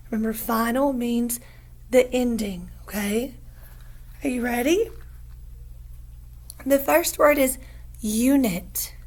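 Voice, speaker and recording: A woman teaching a phonics lesson to young learners, patient and encouraging, stretching out each sound slowly. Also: on the high side, a little mellow.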